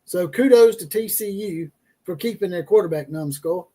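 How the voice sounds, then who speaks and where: A man's voice: sits high, normal speed, dark tone, husky. A man hosting a casual college football livestream, mocking teams and players with profane jokes, reading out chat comments and laughing at his own lines.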